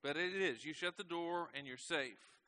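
A pastor preaching a sermon in a conversational way, often asking his listeners questions and letting his voice slow and soften at the ends of phrases. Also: on the high side, a little hiss or hum. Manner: conversational, asks the congregation questions; slows and drops softly at the ends of phrases.

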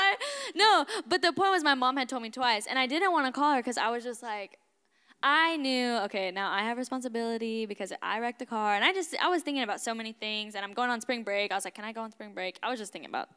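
A young woman in college telling a personal story in an animated, emphatic way, laughing often as a guest on a talk show. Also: a little high, fast talker, clear, resonant tone, long reverb tail. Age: young adult. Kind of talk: casual storytelling.

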